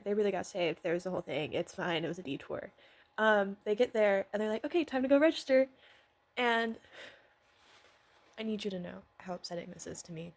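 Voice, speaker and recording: A woman vlogger recapping a miniseries in a casual, rambling way, excitable and swearing freely. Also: mid-range voice.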